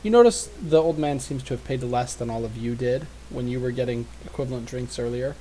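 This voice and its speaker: A man narrating a tabletop game as game master, in a relaxed, loose way with fillers. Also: medium pitch, a little fast, slight background noise, poor audio. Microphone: desk mic on a live stream.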